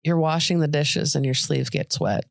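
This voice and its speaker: A woman co-hosting a podcast in casual chat, playful and quick to laugh. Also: low voice, vocal fry, no echo. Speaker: podcast co-host.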